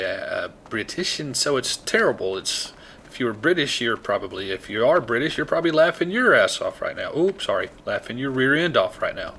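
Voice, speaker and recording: Casting: a rural Southern American man, rambling game commentary, mid-pitched and easygoing. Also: sing-song, brisk, sharp tone, a little hiss or hum. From Southeast United States. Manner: rambling, self-deprecating, chatty. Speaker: gaming video host.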